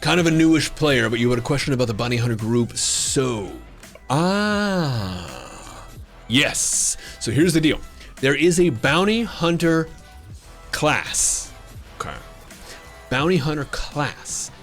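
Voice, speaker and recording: Animated, jokey man streaming. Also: medium pitch, takes it slowly. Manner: jokey, rambling, playfully flirtatious banter. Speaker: live game streamer. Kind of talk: casual chat with stream viewers. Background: faint background music.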